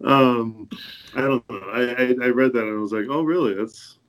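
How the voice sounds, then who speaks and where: A man's voice: medium pitch, steady tone, moderate pace. Laid-back male podcast host. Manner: laid-back, laughs often, hesitant fillers. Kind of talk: casual chat.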